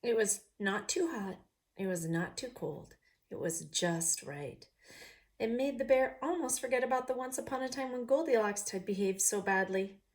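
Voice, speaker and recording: A woman's voice: a little high, lively intonation. Woman reading storybooks to kids, with questions to the viewer. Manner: pauses to ask the viewer questions. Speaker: picture book reader. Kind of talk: reading a picture book aloud.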